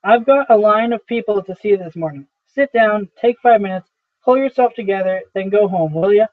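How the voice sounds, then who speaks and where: A man's voice: sits high, moderate pace, dry recording, lightly acted. A man reading as a curt, impatient young boss. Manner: curt, dismissive. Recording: dry, tinny phone-like sound.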